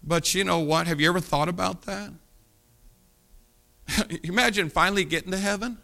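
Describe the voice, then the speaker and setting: Bright, forceful man preaching a sermon. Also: high-pitched, normal speed, gravelly. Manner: animated preaching with sudden loud rises and soft drops; acts out voices in his stories. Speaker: pastor.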